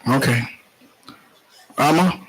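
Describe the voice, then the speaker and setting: A man's voice: medium pitch, takes it slowly, a bit bright, rough recording. A man leading a congregation class, casually calling on members one by one in a jovial, teasing way and often saying hallelujah. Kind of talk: casual roll call with a congregation. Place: indoor congregation meeting room. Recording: congregation chatter in the room. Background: congregation voices.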